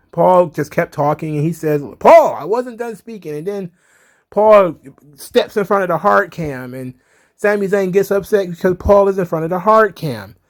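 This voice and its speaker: A man hosting a casual wrestling recap, chatty and laughing often, with many fillers. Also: on the high side. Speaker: wrestling commentary host.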